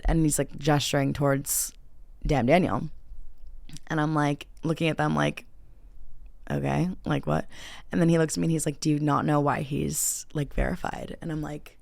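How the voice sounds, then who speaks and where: A woman's voice: deep voice, fairly even intonation, moderate pace, creaky, dry recording. A young woman hosting a podcast, telling a dating story in a chatty, filler-heavy way with frequent laughter. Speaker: podcast host. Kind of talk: casual storytelling.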